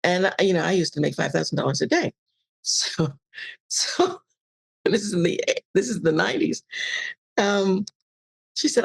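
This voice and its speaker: An older woman shares a personal story as a guest on a casual interview show. Her voice is gravelly and husky, and she lively acts out the voices in her tale. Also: on the low side, normal speed, pauses often. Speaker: podcast guest.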